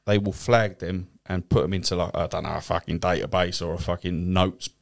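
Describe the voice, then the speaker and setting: A man's voice: low-pitched, fairly even intonation, a little fast, creaky. A man with a London accent chatting casually as a podcast co-host, sweary and rambling, often breaking into laughs. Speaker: podcast co-host, cab driver. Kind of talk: casual chat.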